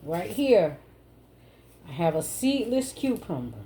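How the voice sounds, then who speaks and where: A woman's voice: fairly low pitch, big pitch swings, takes it slowly. A woman chatting casually with her viewers in a home cooking vlog, calling them y'all and baby. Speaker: home cook vlogger. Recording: loud background noise.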